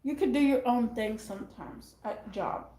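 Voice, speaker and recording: A woman vlogger with a mellow, fairly high voice chats casually to camera at a moderate pace. She rambles and often repeats her phrases, and the room she's in is echoey.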